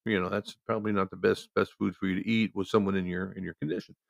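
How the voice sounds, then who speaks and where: A man voicing a patient, polite female hospital dietitian who explains calmly. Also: low-pitched, fast talker, vocal fry, dry recording, clean studio sound.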